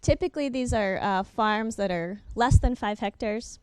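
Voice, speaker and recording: A young adult woman giving a workshop presentation over slides, talking quickly with frequent ums and uhs and correcting herself as she goes. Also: medium pitch, darkish tone, smooth, dry recording.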